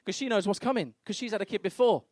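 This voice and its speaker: Young guy doing stand-up, crude and brash, kinda high voice, dry sound. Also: fast, darkish tone, dry recording. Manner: brash, crude storytelling, acts out other people's voices. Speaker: stand-up comedian. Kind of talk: stand-up comedy set. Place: comedy club stage.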